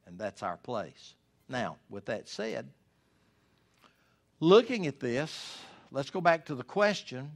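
A man's voice: mid-range voice, a bit bright. A man preaching a sermon as pastor, earnest and pleading, his voice climbing when he voices prayers.

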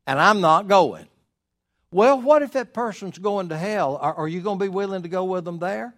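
Emphatic preacher, higher voice. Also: male voice. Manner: emphatic, with rhetorical questions and slowed stresses. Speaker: pastor. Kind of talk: sermon.

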